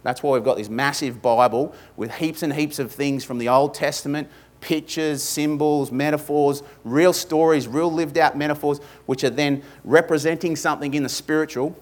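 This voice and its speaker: A man's voice: a little high, fairly even intonation, normal speed. Emphatic Australian man preaching. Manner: emphatic, builds repetitive lists with humorous asides. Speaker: pastor. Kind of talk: sermon. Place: church.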